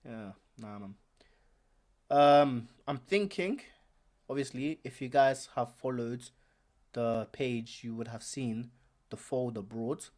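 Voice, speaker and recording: A man's voice: medium pitch, takes it slowly, a little mellow. A man hosting a live stream, talking casually and animatedly, repeating himself with plenty of slang. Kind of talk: casual commentary.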